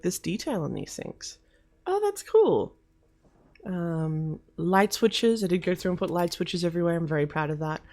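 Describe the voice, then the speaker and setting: Lively low-voiced chatty woman. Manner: chatty, giggly, self-correcting. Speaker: video game creator showing a house build. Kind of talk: casual gameplay commentary.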